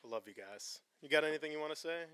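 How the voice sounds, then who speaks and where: A man's voice: on the high side, racing, very noisy. A man hosting a live reading night, casually announcing and rousing the audience. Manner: casual, energetic crowd-rousing. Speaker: event host.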